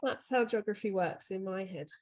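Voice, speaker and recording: A woman co-hosts a podcast in loose, rambling chat. She pokes fun at herself as she talks. Her voice sits at a middle pitch. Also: normal speed. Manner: rambling, self-deprecating. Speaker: podcast co-host. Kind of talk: casual chat.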